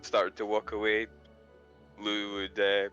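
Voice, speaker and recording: A man playing a tabletop game, explaining his character's moves slowly and deliberately. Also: on the low side, completely flat delivery, pushed and bright, dull audio, faint music behind. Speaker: player. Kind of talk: casual tabletop game play.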